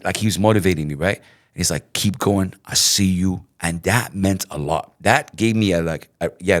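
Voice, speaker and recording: A middle-aged man talks in a relaxed interview with a fairly low voice. He tells his stories in an animated way, often repeating words and acting out what others said. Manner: animated, repeats himself, acts out quotes. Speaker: radio host, interview guest. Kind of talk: casual interview.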